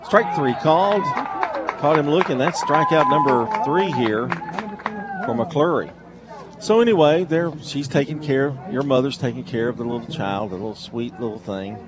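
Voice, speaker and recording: A man calling a high school baseball game on radio, chatty and joking between pitches. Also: moderate pace, very noisy. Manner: chatty, jokey, tells stories between pitches. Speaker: play-by-play announcer.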